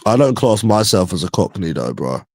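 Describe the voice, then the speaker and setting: A man's voice: sits low, big pitch swings, normal speed, a little mellow, dry recording. A young man from East London, with its accent, chatting casually with viewers in a slangy, rambling way that often repeats itself. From East London, England. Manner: slangy, repeats himself, loose rambling talk. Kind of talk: casual chat.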